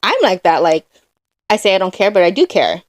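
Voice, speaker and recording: A woman's voice: medium pitch, sing-song, a little fast, no echo. A woman co-hosting a casual podcast, mostly giving short replies and teasing remarks. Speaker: podcast co-host. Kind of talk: casual chat.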